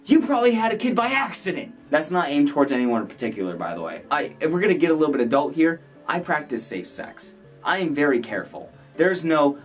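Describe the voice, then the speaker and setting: A man's voice: fairly high pitch, big pitch swings, fairly quick, few pauses. A man, delivering a heated, profane rant on his channel. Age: 20s. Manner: heated, profane, repetitive ranting. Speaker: gaming YouTuber. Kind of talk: angry vlog rant. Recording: distant mic with faint music.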